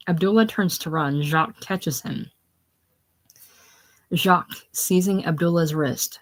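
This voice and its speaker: A woman's voice: fairly low pitch, measured pace. A woman casually reading a play aloud, reading the stage directions plainly. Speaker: reader.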